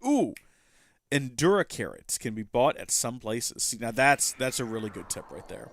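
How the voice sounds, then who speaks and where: A man's voice: medium pitch, expressive, moderate pace, gravelly, a bit bright, no room sound, clean studio sound, soft background music. A man hosting a casual gameplay livestream, rambling and self-deprecating as he chats with viewers. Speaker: livestream host.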